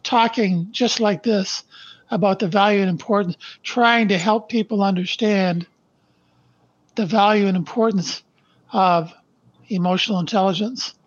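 An older man from Canada, a podcast guest who speaks slowly and deliberately, stressing his points and then reading his life story aloud. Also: high-pitched, fairly even intonation, slightly rough, no echo, lo-fi sound. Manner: slow, deliberate and emphatic.

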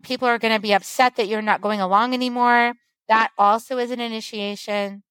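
A woman with a slightly high voice speaks earnestly in a flowing, teacherly way on a podcast. The sound is dry and close, with no room around it. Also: fairly even intonation, a little fast, a bit bright, clean tone, no room sound, low-quality recording. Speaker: guest author and medicine woman. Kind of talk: casual podcast conversation.

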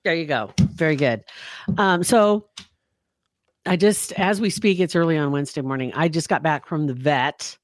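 A podcast co-host with a fairly high voice tells a story during casual chat, speaking at a moderate pace with no echo. He's an animated storyteller who acts out the scenes as he goes, screams included.

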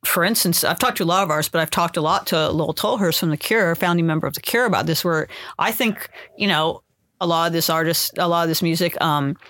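Podcast host with a middle-pitched voice, rambly and thoughtful, lots of "um" and "like", dry close mic. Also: quick pace, fairly bright tone, no room sound. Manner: rambling and thoughtful, with filler words and self-corrections. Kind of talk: casual podcast conversation about music subculture.

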